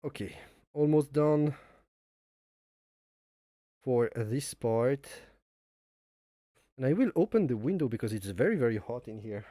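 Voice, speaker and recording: Animated but a little slow, often pausing, a French man with a nasal accent talks through a cooking live stream from his home kitchen in non-native English. His medium-pitched voice has a dark tone, recorded at studio quality without echo. He rambles, jokes self-deprecatingly and chuckles frequently.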